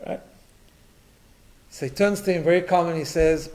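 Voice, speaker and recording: A man's voice: sits high, moderate pace, long pauses. Man giving a conversational Torah class. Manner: conversational teaching, storytelling with Yiddish and Hebrew terms, tags with "right?". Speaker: rabbi teaching a class.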